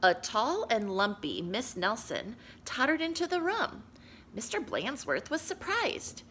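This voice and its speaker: A woman reading a children's story aloud for young listeners. Her voice is bright and clear with lively, animated pitch. Her delivery is expressive and warm to the story. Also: a little slow, slight background noise. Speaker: children's book reader.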